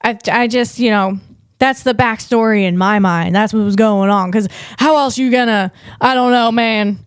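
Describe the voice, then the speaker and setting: A woman podcast host and comedian telling rambling, playful stories about family outings in a casual chat, gushing and animated and full of "man" and "you know". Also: a little high, normal speed, smooth, no echo, clean studio sound. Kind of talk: casual comic storytelling.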